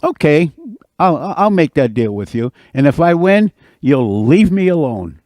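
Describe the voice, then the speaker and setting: Man voicing a big stubborn beaver: blunt, dismissive, louder, storybook folktale. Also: fairly high pitch, very animated, measured pace, dry recording, clean studio sound. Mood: agreeing.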